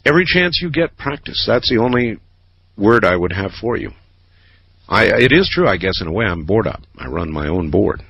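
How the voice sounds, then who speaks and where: A man's voice: on the low side, normal speed, husky, no echo, highs cut off. A man hosting a late-night call-in radio show, chatting easily with callers. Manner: relaxed, chatty, lively phrasing. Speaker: radio talk show host.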